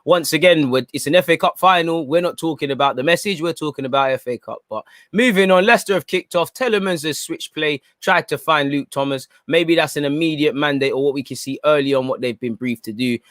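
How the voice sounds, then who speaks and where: Guy streaming a match watchalong, reads out chat, kinda high voice, dead dry sound. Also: fairly quick, few pauses, a bit bright, dry recording. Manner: chatty, reacts to viewer comments. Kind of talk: live football watchalong commentary.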